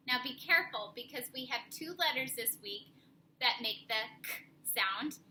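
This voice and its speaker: Slow, bright-voiced woman teacher. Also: high-pitched, slight background noise, rough recording. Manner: slow, clear and encouraging, spelling out letters. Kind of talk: spelling lesson for young children. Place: classroom.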